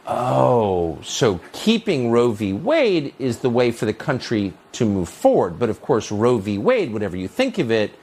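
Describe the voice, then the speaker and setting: A man hosting a cable news opinion segment, delivering a mocking, sarcastic monologue. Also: breathy edge. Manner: mocking, sarcastic, pitch leaping on jeers.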